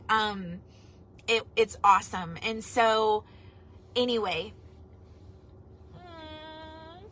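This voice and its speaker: A woman's voice: fairly high pitch, pushed and bright, poor audio. A middle-aged woman, chatting casually on a livestream and reading viewer comments aloud. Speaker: singer hosting a livestream album listening party.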